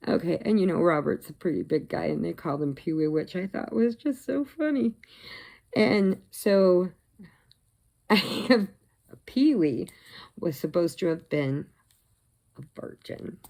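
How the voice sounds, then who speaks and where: A middle-aged crochet vlogger tells a casual story, animated and quick to laugh at her own jokes. Her voice is low and gravelly, and she takes her time.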